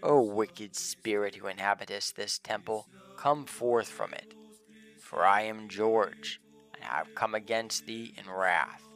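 A man's voice: lowish voice, measured pace, a bit bright, soft background music. A man voicing a fearless male martyr saint, reading his commands in solemn archaic English. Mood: commanding.

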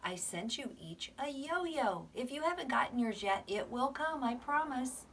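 A woman kindergarten teacher giving a recorded video class for young children, speaking gently and sometimes dropping to a whisper. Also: high voice, animated, recorded from a distance, a little hiss or hum. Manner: gentle, slow, dips into whispers.

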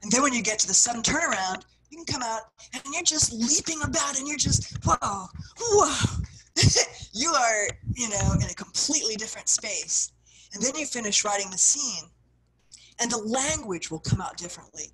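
A woman teaching a writing workshop, guiding her listeners through exercises and acting out the feelings she describes, with phrases that often trail off softly. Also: a little high, fairly quick, background noise. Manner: expressive, acts out what she describes, soft trailing phrases. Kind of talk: guided workshop instruction.

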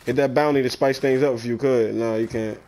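A man's voice: medium pitch, fairly even intonation, brisk, darkish tone. Man barking short gaming commands. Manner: bossy, repeats short commands. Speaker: gamer coaching a teammate. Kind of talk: casual gaming chat.

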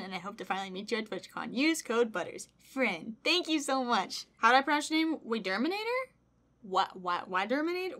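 Reading fan letters aloud on her stream, a young woman from the United States squeals, gushes and comes close to tears. It's a casual, excited unboxing-style vlog, and her voice is fairly high and a bit bright.

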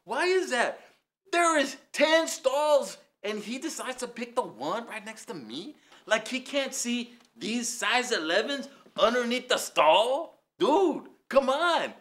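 A man voicing a loud, brash Mexican taco-shop character with a Mexican accent, ranting through a rambling comic monologue. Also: very high-pitched, sing-song, slow, exaggerated voice. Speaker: comedy character host.

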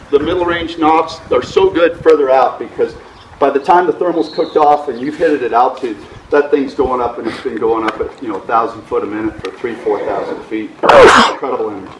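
A middle-aged man giving an outdoor hang gliding lesson, animated and mimicking instrument beeps. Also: fairly quick, echoey room, slight background noise, low-quality recording. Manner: animated, imitates vario beeps with rising pitch. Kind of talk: outdoor flying lesson talk. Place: outdoors at a mountain flying site.

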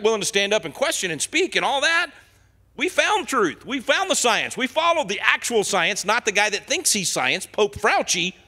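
Fiery high-voiced male preacher, echoing hall. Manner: impassioned, swings from soft asides to loud declarations. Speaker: guest speaker. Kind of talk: fiery sermon. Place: church sanctuary.

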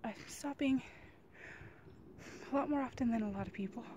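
A woman hiking alone, talking to her camera on a mountain trail in a slow, heartfelt way, slightly out of breath and often dropping to a hushed whisper. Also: a little high, dull audio, noisy background. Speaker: hiker vlogging alone. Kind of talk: reflective outdoor vlog.

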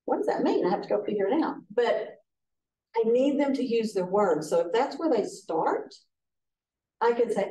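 An older woman with a drawl gives a relaxed, folksy training talk and slips into little voices to act out quotes. Her voice is mellow and dark, picked up from a distance in an echoey meeting room with a faint hum behind her. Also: a little high, normal speed. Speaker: trainer presenting to foster care advocates. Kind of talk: casual workshop talk.

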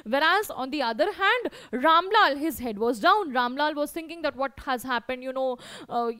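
A woman's voice: sits high, lively intonation, normal speed, bright, forceful tone. A woman teaching an online class, reading a story aloud and explaining it in simple words. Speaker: English teacher.

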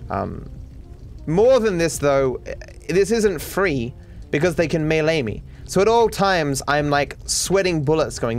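Over soft background music, this Australian man provides live video game commentary in a slightly high, animated voice at a somewhat slow pace. His talk is anxious and stammering, full of repeated words, with sudden panicked outbursts.

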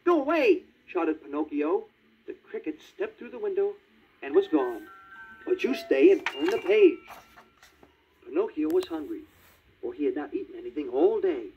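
A man narrating a read-along children's storybook in a lively, child-friendly way. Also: a little high, moderate pace, slightly rough. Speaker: storybook reader. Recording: tinny 1950s vinyl record.

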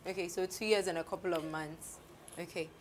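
A woman's voice: on the low side, steady tone, a little fast, slight background noise. Upbeat woman hosting an interview. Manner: upbeat, exclaims often, stacks questions. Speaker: show host interviewing a rapper. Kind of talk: casual interview.

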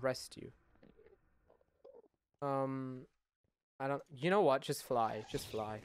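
A young man in his late teens giving casual gameplay commentary, swearing a lot and swinging between loud outbursts and mumbled asides. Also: mid-range voice, slow, a little hiss or hum. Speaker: gaming YouTuber.

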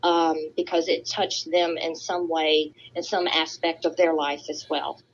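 A woman from Alabama with a Southern coastal accent, calling in to a radio show and chatting casually and warmly. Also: deep voice, level tone, unhurried, a little hiss or hum. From Mobile, Alabama. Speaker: caller. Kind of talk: casual chat on a radio call-in. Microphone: phone line. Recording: dull lo-fi phone call.

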